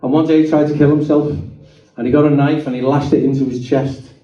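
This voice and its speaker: In a meeting hall, a man gives his testimony to a live audience, telling stories animatedly and acting out the voices of the people in them. His voice is fairly high and fast. A distant mic makes the sound dull and roomy.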